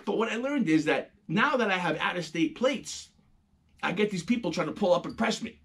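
A middle-aged man, hosting a casual, profane and animated monologue. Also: sits high, a little fast, slightly rough. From New York. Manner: animated, profane storytelling, acting out quoted voices. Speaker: host.

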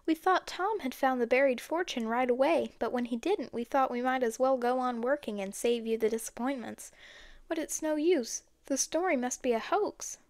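A woman voicing a gloomy young woman in an audiobook, speaking softly. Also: sits high, normal speed, no room sound. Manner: gloomy, murmuring.

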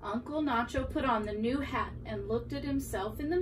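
A woman teacher reading a children's picture book aloud with expressive storytelling, recorded from a distance with faint room noise. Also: fairly high pitch, normal speed, hardly any pauses. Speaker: preschool teacher.

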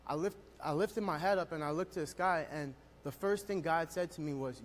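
A man's voice: fairly high pitch, expressive, moderate pace. A young man telling his personal testimony at a worship service, speaking with emotional, building storytelling. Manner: emotional storytelling, rising in intensity.

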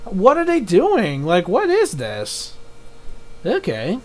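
A young man giving live reaction commentary, excitable, thinking aloud and swearing often. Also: high-pitched, slow pace. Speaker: YouTube reaction host.

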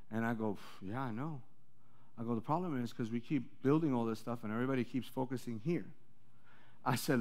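A male pastor preaching a sermon, swinging between loud rallying calls and low, confiding asides. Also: very animated, fast.

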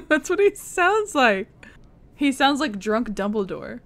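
Bright-voiced giggly woman streamer. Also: sits high, big pitch swings, measured pace. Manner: chatty and giggly, talks to the game characters and chat. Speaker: game streamer. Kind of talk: casual gameplay commentary.

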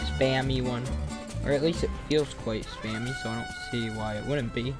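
A young adult doing casual gameplay commentary, excitable, yelping and joking about themselves. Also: medium pitch, normal speed. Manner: excitable, yelps and self-mocking banter. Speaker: gaming channel host. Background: game music and gunfire.

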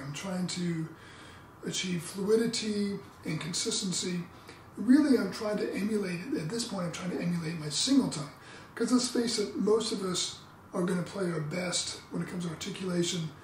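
A man explaining trumpet practice in a relaxed, explanatory way, sometimes singing tonguing syllables. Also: high voice. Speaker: trumpet teacher. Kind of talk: instructional demo talk. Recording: roomy, distant mic, faint background noise.

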